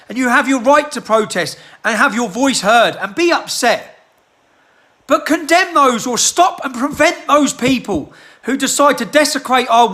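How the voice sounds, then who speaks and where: High-voiced, heated man ranting. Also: pushed and bright. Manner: agitated, fires off repeated rhetorical questions, clears throat often. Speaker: political activist. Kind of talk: impassioned rant to a phone camera. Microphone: handheld phone.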